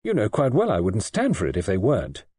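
A man's voice: fairly low pitch, huge pitch swings, fast, dark tone, breathy edge, no echo, full character voice. A man reading an audiobook and voicing a troubled, evasive young husband in a clipped, offhand way. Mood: curt.

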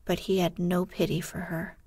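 A woman narrating a sleep story in a gentle, hushed, breathy reading. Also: fairly low pitch, level tone, normal speed, no echo.

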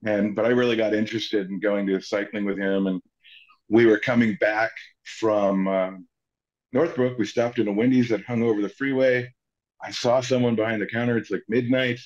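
A man in his forties, an actor being interviewed, telling stories in a lively way and jumping up in pitch to quote others. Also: moderate pace. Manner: animated storyteller, jumps pitch when quoting people. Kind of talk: casual storytelling interview. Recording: slightly muffled sound.

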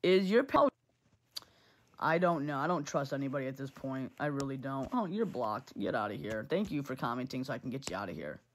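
A woman's voice: rumbling low, animated, fast talker, hardly any pauses. A woman hosting a phone livestream, talking to her chat in a heated, blunt way, swearing and repeating herself. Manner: swears freely. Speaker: livestream host. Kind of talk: casual livestream talk to chat.

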